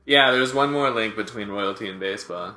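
A man co-hosting a casual comedy chat, telling jokes in a dry, deadpan way. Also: on the low side, brisk, reverberant. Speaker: podcast co-host.

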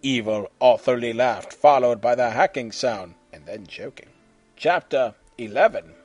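A man reading a humorous story aloud in an animated way, slipping into silly character voices. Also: medium pitch, measured pace, no room sound, faint music behind. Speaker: fan fiction reader.

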